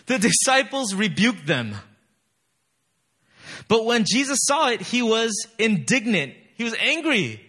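A man's voice: high voice, big pitch swings, a little slow, a bit bright, husky. A man preaching a sermon in a conversational way, reading scripture aloud with rising emphasis and using many fillers. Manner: frequent "you know" fillers. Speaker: pastor.

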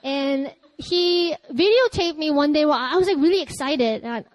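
A woman pastor giving a lively, chatty sermon, breaking into laughter and loud cries. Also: high voice, moderate pace, rough recording.

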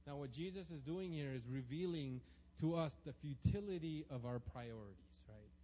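A man's voice: fairly high pitch, normal speed, mellow. Man preaching in an echoey hall. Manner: storytelling, conversational, keeps asking "right?". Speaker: pastor. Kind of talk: sermon. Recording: long hall reverb, dull lo-fi sound, faint hum.

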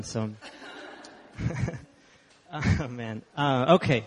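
A man's voice: on the high side, expressive, normal speed. Man preaching in a reverberant hall. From Dallas, Texas. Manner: chatty and joking with the congregation, emphatic. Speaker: guest preacher. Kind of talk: sermon. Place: church hall.

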